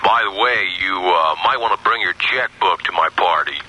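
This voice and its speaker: A man voicing a resigned basketball coach turned hesitant, deadpan door-to-door salesman in a comedic radio bit. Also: deep voice, moderate pace, dull audio, slight background noise.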